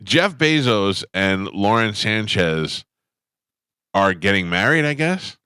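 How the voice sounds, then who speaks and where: A man's voice: fairly low pitch, animated, slow pace, bright, forceful tone, clean tone, no echo. A man hosting a morning radio show, blunt and crude, joking with his co-hosts in the studio. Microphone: studio microphone.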